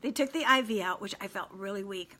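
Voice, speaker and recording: Bright-voiced woman telling a lively story. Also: medium pitch, brisk. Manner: animated, acts out quoted voices, laughs often. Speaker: radio show host telling a personal story. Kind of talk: casual storytelling.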